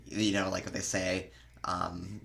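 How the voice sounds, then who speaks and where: A man's voice: sits low, level tone, a little slow, vocal fry, fairly bright tone. A man giving a casual movie review, hesitant and full of fillers. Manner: hesitant, lots of ums and likes.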